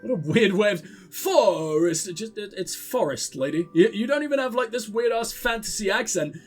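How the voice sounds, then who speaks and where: A man's voice: sits high, brisk, soft background music. A young man casually commenting on a role-playing game while he plays, sarcastic and swearing freely. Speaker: let's play gamer.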